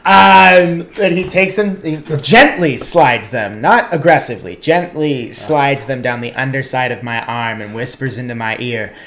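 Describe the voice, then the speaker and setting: A man's voice: mid-range voice, measured pace, hardly any pauses, a bit bright. A man in casual podcast chat, telling a wry, self-mocking story. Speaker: comedian guest.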